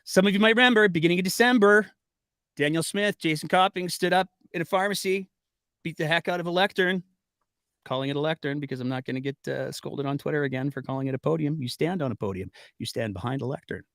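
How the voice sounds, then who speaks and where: Male political commentator, sarcastic, fairly high voice, dry close sound. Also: fast talker, no room sound. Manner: sarcastic, animated.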